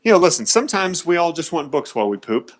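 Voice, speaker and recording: A man's voice: on the high side, sing-song, fast talker, background noise. A man hosting a call-in radio show from his home office, talking casually into a cell phone in an easygoing, jokey way and chuckling often.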